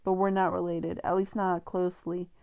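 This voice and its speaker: A woman's voice: fairly low pitch, level tone, normal speed, creaky, a little mellow. A woman reading a novel aloud for her channel, casual and stumbling over words now and then. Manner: joking, slangy asides. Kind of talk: casual read-aloud with chat breaks.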